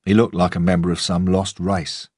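A man reading a first-person crime story as an audiobook narrator, in a measured, steady storytelling manner. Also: deep voice, no echo, clean studio sound.

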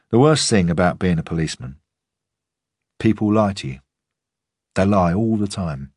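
A man reading a first-person crime story as an audiobook narrator, in a measured, steady storytelling manner. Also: sits low, no room sound, clean studio sound.

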